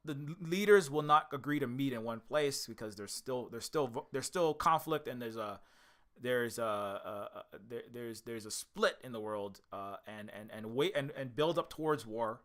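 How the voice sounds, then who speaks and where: A man's voice: mid-range voice, animated, normal speed, fairly bright tone. A man from the United States giving a casual, rambling commentary on an old film, often stopping to correct himself and restart his sentences. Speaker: indie game developer and channel host.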